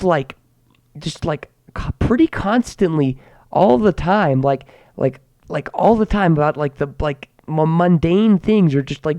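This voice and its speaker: A man's voice: sits high, mellow, no room sound. A teenage boy ranting sarcastically in a mock-grandiose way, often stammering and restarting his words. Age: teens. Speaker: student ranting to camera. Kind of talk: comedic rant monologue.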